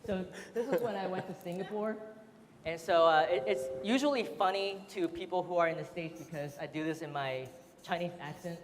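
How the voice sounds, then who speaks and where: A man's voice: high voice, a little fast, a little hiss or hum. A man giving a casual, chatty seminar talk to an audience, laughing often and full of fillers. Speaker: seminar speaker. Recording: roomy hall reverb.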